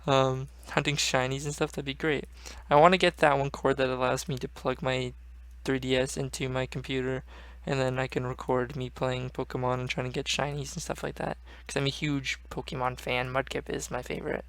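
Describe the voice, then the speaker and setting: A man's voice: mid-range voice, level tone, a little fast, hardly any pauses, fairly bright tone. A young man hosting a gaming channel, rambling casually and swearing often. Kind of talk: casual gaming vlog chat.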